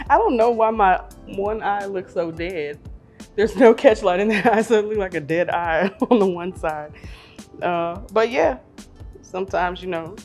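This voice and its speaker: A woman's voice: on the low side, a little mellow. Laughing, self-mocking woman vlogger. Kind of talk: casual chat reviewing old photos.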